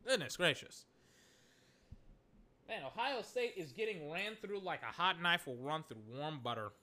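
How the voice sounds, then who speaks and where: A young man giving excitable, rambling live reaction commentary on a football game, with exasperated asides. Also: on the high side, unhurried.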